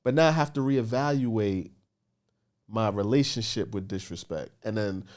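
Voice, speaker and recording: Frank, low-voiced male podcast guest. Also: normal speed, a little mellow. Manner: candid, emphatic, speaks frankly about himself. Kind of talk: casual podcast conversation.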